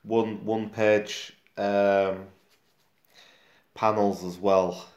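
A Yorkshire man co-hosting a relaxed comics chat. He talks in a lowish voice, trailing off with fillers as he thinks. The room echoes around him. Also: very slow, lo-fi sound. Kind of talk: casual chat about comics. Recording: roomy echo.

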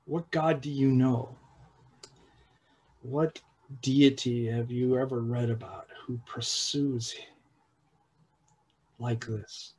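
Slow, husky-voiced male preacher. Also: mid-range voice, steady tone, low-quality recording. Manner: halting, with frequent repeated words and restarts; drops to a hushed, slow voice for emphasis. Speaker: pastor. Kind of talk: sermon.

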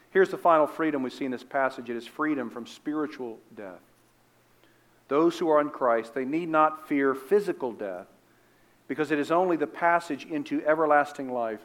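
A man preaching a sermon in an earnest manner, dropping soft and low for tender stories and rising to emphatic bursts, with asides and restarts. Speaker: pastor.

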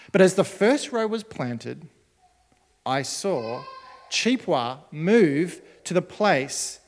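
High-voiced gentle male storyteller. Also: big-room sound. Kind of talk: storytelling for children.

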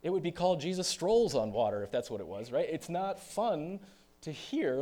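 A male pastor preaching a sermon in a storytelling manner, dropping to hushed confessional tones and then rising into loud, animated bursts. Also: fairly high pitch, moderate pace.

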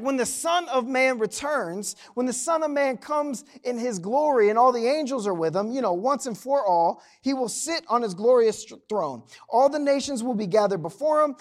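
Male pastor, very high voice, animated sermon delivery with playful asides. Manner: animated, joking asides to the congregation.

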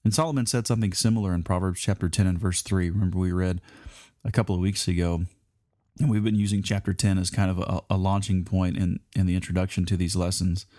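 A man with a very low, mellow voice teaches a Bible lesson like a sermon. He talks in a conversational, unhurried way, pausing on fillers and restarting his phrases. The sound is dry and close. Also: steady tone, dry recording. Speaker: preacher.

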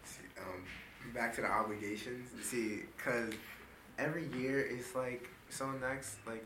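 A man's voice: mid-range voice, measured pace. A young man in casual group chat, musing hesitantly with many fillers. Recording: echoey room, faint noise.

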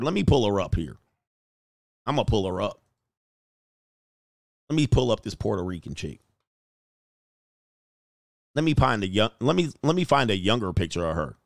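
A man's voice: mid-range voice, creaky, no echo, clean studio sound. A man hosting a casual livestream, reading out chat comments and joking in a loose, slangy way. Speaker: dating coach and channel host.

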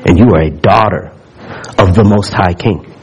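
A man's voice: sits low, normal speed, a little mellow, a little hiss or hum, poor audio. A man preaching a sermon, telling a story with asides and questions to the congregation, often repeating words as he builds up. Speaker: pastor.

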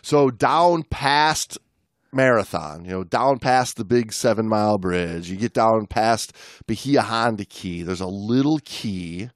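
A man's voice: fairly low pitch, expressive, measured pace, no echo, studio quality. A man co-hosting a podcast, telling stories in casual chat with many restarts and laughs. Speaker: podcast co-host.

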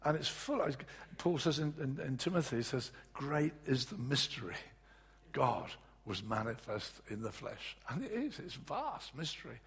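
Male preacher, gravelly and very husky voice, earnest and halting, long hall reverb. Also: medium pitch, very animated, fairly bright tone. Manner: earnest, halting, with many restarts. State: voice recovering from loss. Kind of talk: sermon. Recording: echoey hall.

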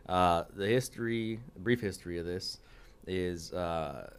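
A man's voice: deep voice, unhurried, smooth. A young man from California, a city council member on a radio show, explaining policy earnestly with many fillers and restarts. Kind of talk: radio interview. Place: radio studio.

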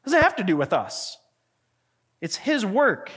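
Male pastor, sermon delivery; casual, earnest, fairly high voice, wide dynamic swings. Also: huge pitch swings, measured pace, slightly rough. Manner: earnest, conversational preaching with frequent restarts; swings from quiet, low passages to loud, high emphatic questions.

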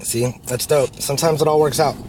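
A man talks casually on a podcast recorded inside a moving car. He tells stories with energy and throws himself into the voices of the people in them. Road noise runs clearly underneath. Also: fairly high pitch, brisk. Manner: animated storyteller, acts out quoted people loudly. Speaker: podcast co-host. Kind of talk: casual chat.

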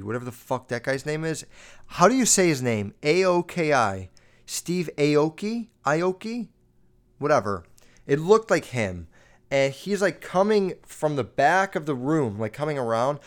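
A man hosting a podcast, telling a story in a rambling, foul-mouthed way, full of "like", his voice jumping up and down as he gets worked up. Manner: rambling, heavy swearing, lots of "like"; animated, jumping up and down in pitch while recounting. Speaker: podcast host. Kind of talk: casual storytelling monologue.

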